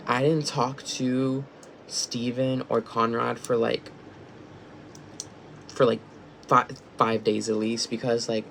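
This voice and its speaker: A man's voice: medium pitch, little pitch movement, slow, vocal fry, long pauses, a bit bright, a little hiss or hum, rough recording. A young man telling a personal story vlog-style, rambling with lots of fillers and restarts. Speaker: vlogger. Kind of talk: casual storytime.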